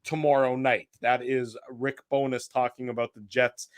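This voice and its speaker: A man's voice: medium pitch, little pitch movement, normal speed, dry recording, clean studio sound. A middle-aged man hosting a hockey post-game talk show, chatting casually and reading out quotes with asides. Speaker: podcast host.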